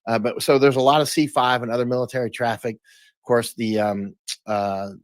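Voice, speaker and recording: A man's voice: mid-range voice, fairly even intonation, moderate pace, dry recording. Emphatic male interview guest, dry sound. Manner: emphatic, with many restarts and repeated words. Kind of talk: casual interview talk.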